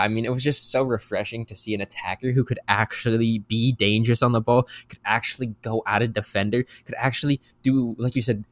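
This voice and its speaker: A man with a fairly low voice talking casually as a sports podcast co-host. He rambles, repeats words and fills gaps with "uh". The sound is dry and close to the mic. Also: no echo.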